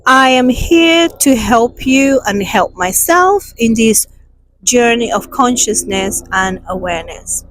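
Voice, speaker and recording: A woman's voice: a little high, lively intonation, a little hiss or hum, rough recording. A woman hosting a self-healing talk, guiding a meditation and then speaking emphatically about inner awareness, recorded outdoors. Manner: slow, soothing and emphatic. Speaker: self-healing channel host. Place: outdoors with passers-by.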